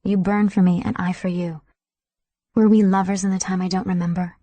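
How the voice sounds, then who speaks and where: A woman reading the lines of a brooding young male warrior, deep and rough in tone. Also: flat delivery, a little fast, dark tone, dry recording, lightly acted. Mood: passionate.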